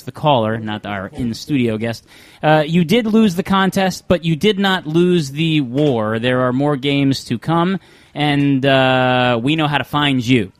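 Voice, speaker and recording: A man's voice: fairly high pitch, no echo. A man hosting a loose radio show, rambling and swearing casually as he wraps up the episode.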